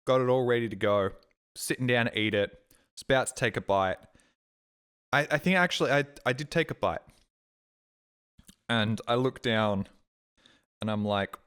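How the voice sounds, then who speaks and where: A man's voice: measured pace, long pauses, clean tone. A young Australian man, a streamer, telling a story in a casual chat and acting out his own reactions. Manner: animated, acts out his own reactions with big jumps in pitch.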